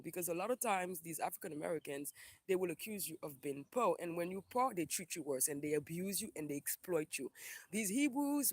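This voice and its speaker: A man's voice: on the high side, slightly rough, dry recording. A man from Haiti hosting a casual livestream, reading viewer comments aloud and ranting in a profane, emphatic way that repeats phrases for emphasis.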